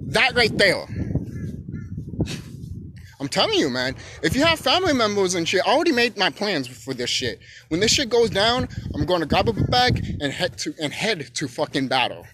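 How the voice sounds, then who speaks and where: A man delivering a heated, profanity-laced rant straight to his viewers. His voice sits high and leaps wildly up and down as he pushes his points, now and then bursting into shouts. A faint hiss of noise runs underneath. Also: very animated, normal speed. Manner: profane, emphatic, swings into shouting. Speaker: YouTube channel host. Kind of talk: unscripted ranting monologue.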